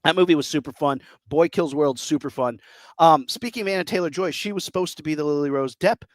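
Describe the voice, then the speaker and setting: A podcast co-host in his thirties talks at a quick pace in a slightly high voice, with no room sound. The chat is casual, and he rambles enthusiastically, often playing out what others said.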